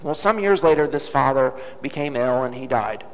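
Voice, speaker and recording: A man's voice: mid-range voice, expressive, normal speed, smooth. A man preaching a sermon with storytelling, dramatic and emphatic, repeating key phrases. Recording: long hall reverb.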